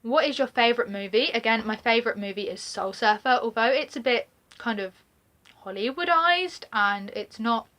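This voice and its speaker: This vlogger, a young woman from Britain with a regional accent, talks to camera in a relaxed get-to-know-me video, wandering off topic with many fillers and bursts of laughter. Her voice is highish and sharp-toned.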